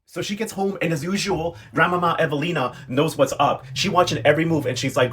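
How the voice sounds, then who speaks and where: A man's voice: a little high, fast, hardly any pauses, a bit bright, breathy edge. A man giving a sassy, slangy, casual recap of a soap opera, talking straight to his viewers. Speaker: telenovela recap vlogger.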